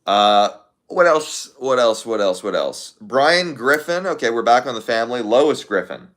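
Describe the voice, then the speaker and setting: A man's voice: medium pitch, lively intonation, measured pace, a bit bright. A young man casually chatting to his viewers, thinking aloud in a rambling way with lots of fillers. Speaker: content creator.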